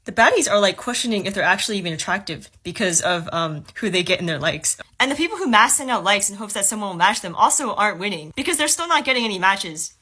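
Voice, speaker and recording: A woman's voice: mid-range voice, animated, fast, hardly any pauses, sharp tone, husky. A woman talking casually to camera in a chatty way, full of fillers. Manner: chatty, lots of "like".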